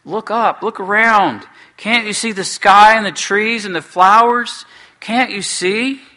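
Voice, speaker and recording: An earnest young girl from a storybook, pleading and coaxing in a high, raised voice, as a man puts her on. The sound is bright. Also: measured pace, poor audio.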